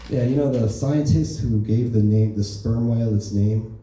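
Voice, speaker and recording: Male comic at an open mic, dark mellow voice, very echoey club, heard from afar. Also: mid-range voice, normal speed, distant mic, a little hiss or hum. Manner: loose, offhand, full of "right?" and "you know". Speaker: stand-up comedian.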